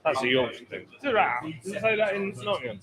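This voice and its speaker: A man's voice: high voice, animated, quick pace, poor audio. Chatty British man hosting from a taproom. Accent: British English. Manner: chatty, jokey, greets viewers by name. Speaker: stream host and taproom bartender. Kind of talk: casual live-stream chat, reading viewer comments. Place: busy brewery taproom. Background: crowd chatter.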